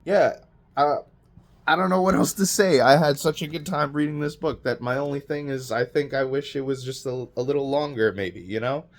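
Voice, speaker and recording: A man's voice: medium pitch, normal speed. A man giving a casual spoken book review, rambling and enthusiastic, with lots of fillers and restarts.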